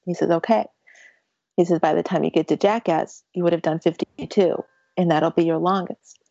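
Woman, low-pitched, personal race story, halting and repetitive, tearful at times, dry muffled audio. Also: steady tone, creaky, dark tone, dry recording. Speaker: ultramarathon runner guest.

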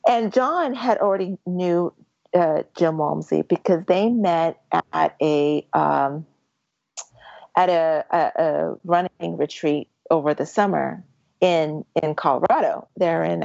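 Rambling chatty woman, low voice. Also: unhurried, creaky, dry recording, highs cut off. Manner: rambling, animated retelling with many fillers and restarts. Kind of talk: casual storytelling.

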